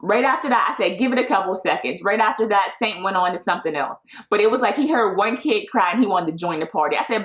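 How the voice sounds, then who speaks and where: A woman's voice: mid-range voice, fast, hardly any pauses. A woman in her thirties hosting a podcast, talking casually in an upbeat, encouraging way and laughing often. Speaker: podcast host. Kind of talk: casual solo podcast talk.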